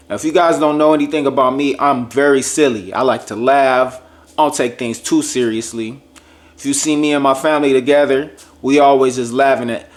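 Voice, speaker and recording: Jokey man telling a story. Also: medium pitch. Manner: lively, jokey storytelling that acts out other people's lines; addresses viewers directly and casually. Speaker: vlogger sharing a faith testimony. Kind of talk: personal storytelling to viewers.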